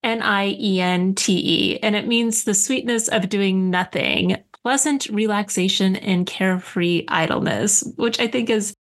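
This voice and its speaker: A woman's voice: medium pitch, unhurried, hardly any pauses. A woman co-hosting a podcast, chatting casually and enthusiastically, laughing as she talks. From United States. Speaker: podcast co-host.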